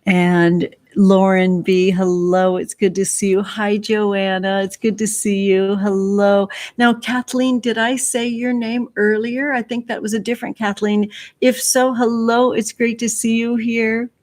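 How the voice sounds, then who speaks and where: A woman hosting a casual tarot livestream, greeting viewers one by one with effusive, affectionate warmth and calling them sweetheart. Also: medium pitch, flat delivery, unhurried. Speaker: livestream host, tarot reader.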